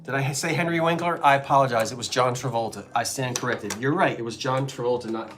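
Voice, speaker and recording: A man's voice: medium pitch, fast, fairly bright tone, soft background music. A middle-aged man from the Delaware Valley with a Philadelphia accent, chatting casually and reminiscing on a live antiques stream. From Delaware Valley, USA. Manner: chatty, reminiscing, jokey asides. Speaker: co-host selling antiques.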